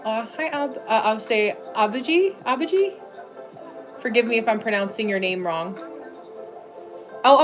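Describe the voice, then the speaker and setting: A middle-aged American woman hosting a casual livestream, chatting and reading viewers' names aloud in a friendly way, with soft music behind her. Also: high-pitched. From United States. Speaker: livestream host.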